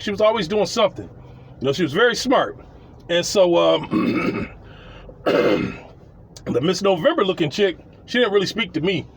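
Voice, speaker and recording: High-voiced man telling landlord stories. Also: a little hiss or hum. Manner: blunt, profane, rambling with repeats. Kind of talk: casual storytelling.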